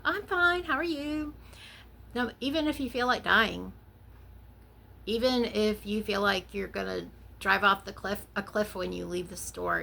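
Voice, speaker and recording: A middle-aged woman hosting her own show, reading her poem softly and then explaining it in a casual chat. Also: medium pitch, gravelly, a little hiss or hum. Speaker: podcast host and poet.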